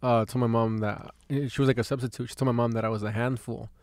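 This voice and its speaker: Excitable young man, swearing storyteller. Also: mid-range voice, quick pace, no echo. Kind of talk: casual podcast chat.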